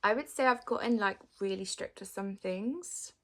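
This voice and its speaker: A chatty woman in her thirties with a gravelly, fry-tinged voice answers her followers' questions. She fills her talk with "like" and now and then slips into a soft whisper. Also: medium pitch, normal speed. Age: 30s. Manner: chatty, frequent "like" fillers, drops to whispers. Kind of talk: casual chat.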